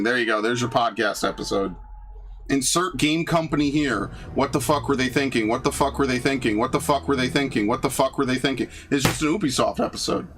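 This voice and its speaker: A man's voice: medium pitch, fairly quick, fairly bright tone, a little hiss or hum. A young man casually commenting on a game playthrough, rambling and swearing freely. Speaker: gaming YouTuber. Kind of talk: casual let's-play commentary.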